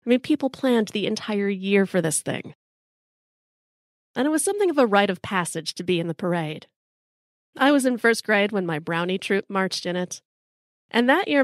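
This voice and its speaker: A woman's voice: medium pitch, no room sound, studio quality. A middle-aged American woman telling a personal story in a wry, casual, sometimes profane way. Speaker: storyteller host.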